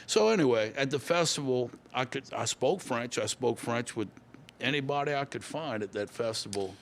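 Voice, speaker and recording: A man's voice: medium pitch, lively intonation, normal speed, a little hiss or hum. A man, telling stories as a guest in a casual interview, often repeating and restarting words. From Louisiana. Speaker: guest musician.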